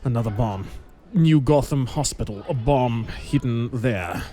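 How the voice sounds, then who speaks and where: A man reading the part of a wounded male masked vigilante who speaks weakly and haltingly with urgency. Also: medium pitch, dark tone, lightly acted. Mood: weak, urgent.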